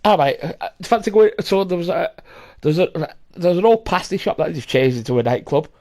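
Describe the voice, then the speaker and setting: Fairly high-pitched and a little mellow, this young man's voice is animated and brisk. As a podcast host he spins casual, meandering stories laced with swearing, frequent laughter and acted-out voices.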